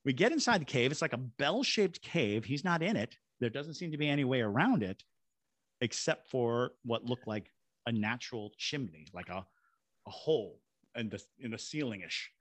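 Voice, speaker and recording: A paranormal investigator and ghost tour guide from Savannah, Georgia tells a story as a podcast guest, acting out voices and sound effects. His medium-pitched voice is animated and fairly bright, at normal speed, in a dry recording.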